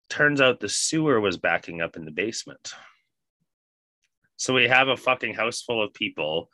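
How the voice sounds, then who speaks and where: Man, deep voice, bright tone, dry sound, casual swearing storyteller. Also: fast talker, no echo. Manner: profane, animated, laughs while telling. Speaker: guest telling a story.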